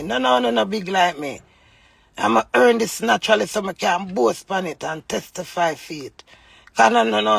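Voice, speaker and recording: Gravelly Jamaican woman ranting. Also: medium pitch, no echo. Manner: heated, scolding, addresses her husband directly. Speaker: vlogger. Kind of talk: angry live rant.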